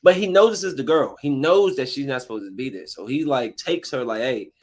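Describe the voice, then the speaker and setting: A man hosting a podcast, casually retelling a film in a rambling, animated way and acting out bits of dialogue. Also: mid-range voice, a little fast. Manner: rambling, animated storytelling with acted-out quotes. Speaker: podcast host. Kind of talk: casual movie recap.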